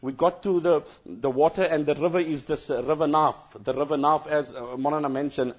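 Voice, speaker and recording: Earnest male cleric, high-pitched voice, dull lo-fi sound, recounting an emotional scene. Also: fairly even intonation, brisk. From South Africa. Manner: earnest, repeats phrases, breaks into chanted Quran recitation. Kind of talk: emotional first-hand recounting talk.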